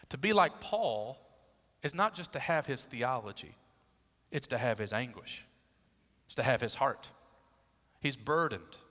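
A man's voice: mid-range voice, pushed and bright. A man preaching an expository sermon, teaching emphatically and asking his listeners rhetorical questions. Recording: long hall reverb.

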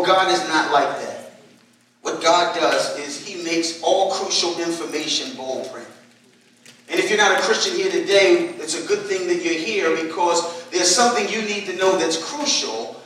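A man with a fairly high voice preaches to his congregation in a relaxed, joking way. He is heard from a distance in a very reverberant church, with faint background noise. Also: normal speed. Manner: conversational, humorous preaching with asides. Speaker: pastor. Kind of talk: sermon. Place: church sanctuary. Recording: echoey church hall from a distance.

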